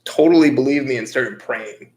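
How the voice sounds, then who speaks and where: A man's voice: mid-range voice, normal speed, a little mellow. A man in his twenties co-hosting a podcast, telling a story in a blunt, rambling, profane way. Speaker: podcast co-host. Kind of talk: casual storytelling chat.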